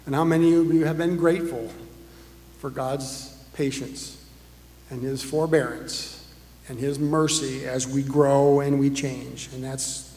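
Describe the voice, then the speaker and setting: A man's voice: mid-range voice, fairly even intonation, measured pace, a little mellow. Conversational male pastor in echoey hall. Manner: conversational, asks the congregation rhetorical questions. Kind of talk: sermon. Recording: echoey hall with long reverb.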